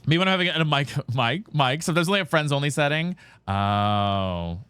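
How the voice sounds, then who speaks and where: Clean studio sound with no echo captures a man's animated, higher-pitched voice, pushed and bright but clean in tone, at normal speed. Gaming live, he chats casually with his audience, whom he calls "girl and guys," curses freely, and repeatedly checks whether teammates have mics.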